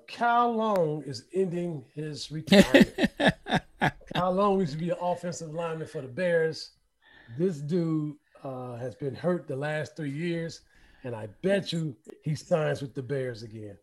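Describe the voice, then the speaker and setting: A man's voice: a little high, normal speed. A man co-hosting a podcast, talking bluntly and jokingly in casual group chat. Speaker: podcast co-host.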